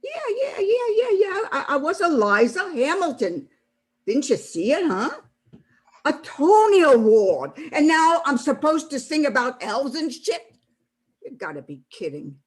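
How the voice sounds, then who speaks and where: A woman acting out a salty, bragging old actress, high voice, swoops up and down wildly, drawls along slowly, stage play. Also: big pitch swings. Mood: boastful. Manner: brash, boastful, salty-tongued. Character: feisty elderly woman, a former actress.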